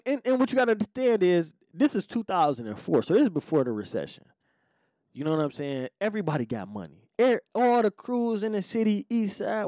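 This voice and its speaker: A man's voice: high-pitched, darkish tone, dry recording, studio quality. A man around forty, a podcast host, telling a personal story in a blunt, laid-back, profane way and often asking "you know what I'm saying". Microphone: podcast microphone.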